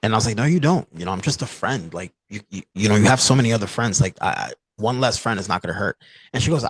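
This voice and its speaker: Low-voiced man telling a personal story. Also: animated, husky, dry recording, rough recording. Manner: earnest, halting, heavy with "like" and "you know". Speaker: podcast host. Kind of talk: candid personal storytelling in a conversation.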